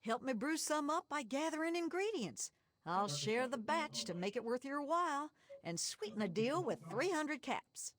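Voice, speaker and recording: A woman's voice: sits high, big pitch swings, moderate pace, a bit bright, dry recording. An actress voicing a sly, folksy backwoods moonshiner woman with a Southern drawl in a game. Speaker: game character.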